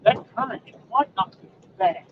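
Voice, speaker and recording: A man with a very high voice makes casual remarks while fishing on a river boat. He speaks loudly and offhandedly. The audio is dull and lo-fi, with wind noise and the clear sound of the boat around him. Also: moderate pace. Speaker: fishing partner. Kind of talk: casual banter. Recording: lo-fi outdoor audio with wind on the mic.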